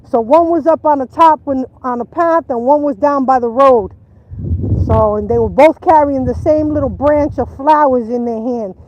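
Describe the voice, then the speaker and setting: A woman chatting on a casual livestream outdoors by a river, talking in an animated, emphatic way and repeating herself for stress. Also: sits high, normal speed, dull audio, a little hiss or hum.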